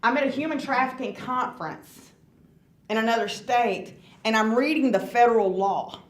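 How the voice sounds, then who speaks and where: A woman's voice: on the high side, moderate pace. A woman, speaking as a guest speaker and giving an earnest, conversational personal testimony in a church hall, often asking the audience questions.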